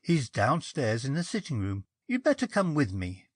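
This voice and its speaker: A man reading a story aloud, voicing a bold young woman in a brisk, lightly mocking way. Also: medium pitch, wildly swooping pitch, no echo, clean studio sound. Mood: bemused.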